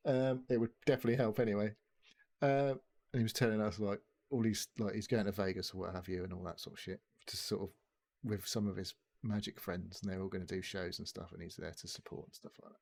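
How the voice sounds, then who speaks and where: A man's voice: on the low side, fairly even intonation, fast talker, creaky, darkish tone. A man telling a long story on a casual podcast, rambling and swearing freely. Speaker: podcast co-host. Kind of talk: casual chat.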